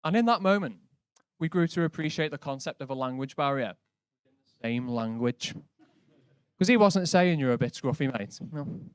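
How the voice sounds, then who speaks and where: A man's voice: on the high side, expressive, normal speed, pauses often, clear, resonant tone, dry recording. A man doing a stand-up set on a comedy club stage, dry and conversational, full of casual asides. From Britain. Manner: dry, conversational, lots of likes.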